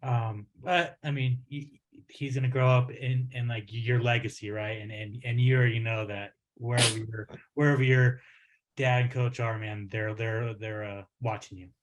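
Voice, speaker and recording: A man interviewing a fighter, asking slow, sympathetic questions from off the main mic. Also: medium pitch, fairly even intonation, muffled recording, slight background noise.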